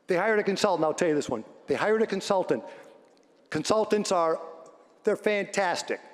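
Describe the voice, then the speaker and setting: Energetic man storytelling in a reverberant hall. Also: high voice, normal speed, slight background noise. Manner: energetic storyteller, swings between shouting and hushed tones. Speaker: radio host giving an acceptance speech. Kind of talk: speech to a live audience.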